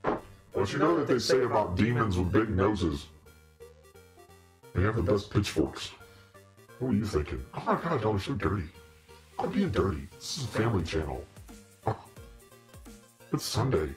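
Deep-voiced joking man. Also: sing-song, normal speed, long pauses, faint music behind. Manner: playful, joking, laughs often, mock-preachy. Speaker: costumed demon-character livestreamer. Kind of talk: casual live-stream chat with viewers.

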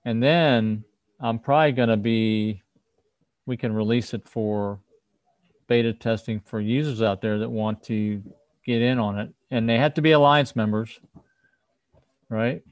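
A man's voice: mid-range voice, fairly even intonation, a little slow, pauses often, dry recording. A man hosting a casual livestream tech talk over a video call, explaining things and often restarting his sentences. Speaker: host, firmware developer.

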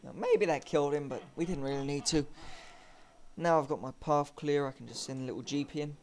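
A man's voice: a little high, a little fast. A man giving casual let's-play commentary as a gamer, cursing and chatting to himself as he plays. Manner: cursing, chatty, mutters at the game. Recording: game sounds and engine noise under the voice.

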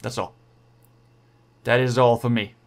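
A man's voice: mid-range voice, unhurried. A young man giving live commentary over his own gameplay, pleading, groaning and cheering at the race on screen. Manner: excitable, pleading and groaning at the game. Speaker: gaming channel host.

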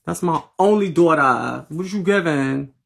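A woman's voice: low-pitched, expressive, a little slow, creaky, breathy edge. A woman from Philadelphia hosting a casual late-night livestream, sassy and playful, with slangy, profane banter as she thanks her viewers, talking into a phone. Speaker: livestream host. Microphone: phone livestream app.

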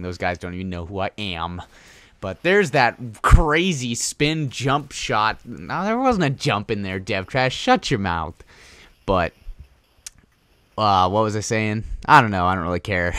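A man's voice: lowish voice, lively intonation, normal speed, fairly bright tone, smooth, no echo. A young man giving casual, rambling gameplay commentary, joking and crude as he plays. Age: young adult.

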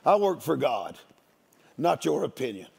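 A man's voice: medium pitch, very animated, unhurried, creaky, husky. An older man, a guest preacher, giving a storytelling sermon in a folksy, joking country manner.

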